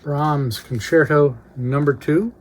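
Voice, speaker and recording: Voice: medium pitch, takes it slowly, a little hiss or hum. A record collector casually talking through an unboxing, reading out record titles with brief remarks on each.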